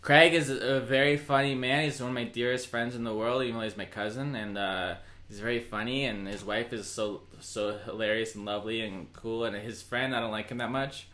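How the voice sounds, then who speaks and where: A man's voice: medium pitch, steady tone, a little fast, hardly any pauses, sharp tone. A young man hosting a casual comedy podcast, teasing and joking with his guest.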